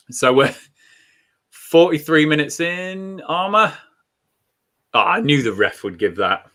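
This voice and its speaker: A man with a bright, forceful voice hosts a live football watchalong. He talks through replays step by step with keen enthusiasm. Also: a little high, expressive, takes it slowly, pauses often. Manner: enthusiastic play-by-play breakdown. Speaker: host of a fan watchalong stream. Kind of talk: live match commentary and chat.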